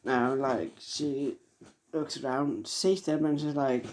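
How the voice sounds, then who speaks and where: A man's voice: medium pitch, fairly even intonation, takes it slowly, a little mellow. A young man telling an improvised fan story, rambling with lots of fillers.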